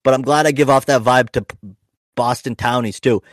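A man's voice: medium pitch, steady tone, fairly quick, no room sound, studio quality. A young man, a podcast host and stand-up comic, telling rambling, profane stories with lots of restarts. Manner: rambling, profane, self-interrupting anecdotes. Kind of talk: casual podcast storytelling.

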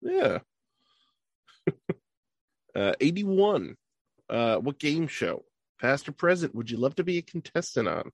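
A man runs a rapid-fire question interview over a video call, his pitch swinging in an animated, playful way. The sound is dry and close, and he tosses off upbeat, jokey reactions between questions. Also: gravelly, no room sound. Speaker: host.

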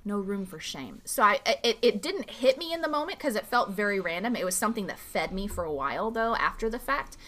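Animated woman pastor, casual teaching. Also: fast talker, hardly any pauses. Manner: animated, acts out quoted dialogue with big pitch jumps; casual, many "like" fillers. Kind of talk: conversational faith teaching.

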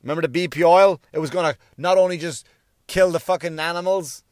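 A man's voice: a little high, fairly quick, darkish tone, no room sound, studio quality. Swearing man ranting. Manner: sarcastic, swearing, rhetorical questions. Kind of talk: profane comic rant.

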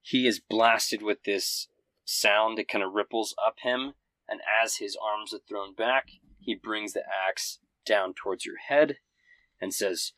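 Guy running a d&d fight, lowish voice but bright, dry close mic, rattles through the action. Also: no room sound. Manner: quick, vivid play-by-play narration. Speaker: game master. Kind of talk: narrating a tabletop game.

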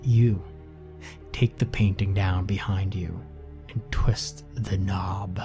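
Horror villain guy, man doing the voice, breathy creepy whisper, slow, cheery and sadistic. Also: deep voice, steady tone, over music. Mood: menacing. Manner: hushed menacing whisper. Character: sadistic cheerful killer man, greasy-haired, menacing.

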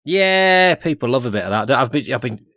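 A man's voice: medium pitch, animated, moderate pace, a bit bright, no echo, studio quality. A man with a northern English accent, co-hosting a comedy podcast and teasing his co-host in casual chat. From northern England. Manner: teasing, banters freely.

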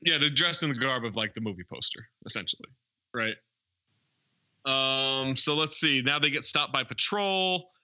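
Bright-voiced man rambling through a plot recap. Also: medium pitch, normal speed, no room sound. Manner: rambling scene-by-scene retelling with many fillers. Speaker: podcast co-host. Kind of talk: casual movie recap chat.

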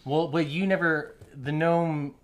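A man's voice: on the high side, fairly even intonation, measured pace. A man narrating as game master of a tabletop game, with playful, comic narration.

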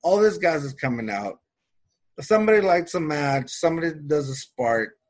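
A man telling a story in casual chat, animated and acting out the people he quotes. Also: fairly high pitch, normal speed. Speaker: storyteller in a conversation.

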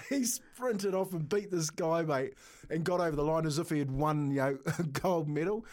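A man's voice: on the high side, moderate pace, a little mellow. A middle-aged man with a New Zealand accent, co-hosting a radio show and telling stories casually, laughing often. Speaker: radio co-host. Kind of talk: casual storytelling.

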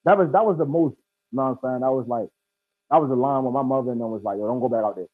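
A man's voice: medium pitch, fast, no echo. A man telling a story in emphatic street slang, heard as a guest over a phone line. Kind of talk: casual storytelling.

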